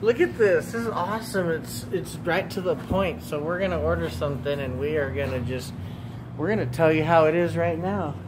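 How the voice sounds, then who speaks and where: A man's voice: on the high side, normal speed. Playful man vlogging outside by traffic. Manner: playful, joking, chatty. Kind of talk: casual vlog narration. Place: outdoors at a small street food stand by traffic. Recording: outdoor traffic noise.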